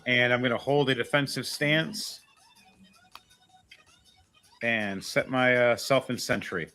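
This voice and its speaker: A man's voice: mid-range voice, slow, pushed and bright, clean tone, faint music behind. A man running a tabletop role-playing game as game master, chatty and explaining the rules as he goes.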